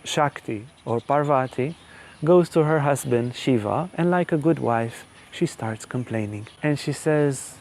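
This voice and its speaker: A man who teaches yoga tells a folk tale in a lecture, in a lively, humorous storytelling manner. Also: medium pitch, a little slow, a little hiss or hum.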